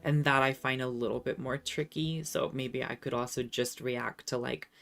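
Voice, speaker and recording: A woman's voice: rumbling low, steady tone, normal speed, gravelly, fairly bright tone. A woman streamer in casual chat, reading viewer comments aloud, laughing often and trying out rusty French.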